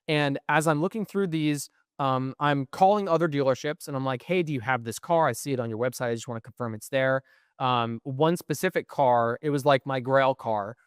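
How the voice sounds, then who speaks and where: A young man co-hosting a podcast, telling a story in casual, profane, animated chat. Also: mid-range voice, brisk, clear, resonant tone, no room sound, clean studio sound. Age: young adult. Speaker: podcast co-host.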